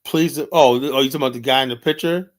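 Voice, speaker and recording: A man's voice: medium pitch, fast talker. Middle-aged male streamer, mid-range voice, rambling profane rants, leans on "you know" constantly. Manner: blunt and heated. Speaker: livestream host. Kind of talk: unscripted livestream commentary.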